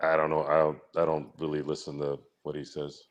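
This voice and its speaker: A man's voice: rumbling low, completely flat delivery, brisk, highs cut off. A man trading teasing insults with his co-host on a casual sports podcast. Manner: needling, trash-talking, laughing.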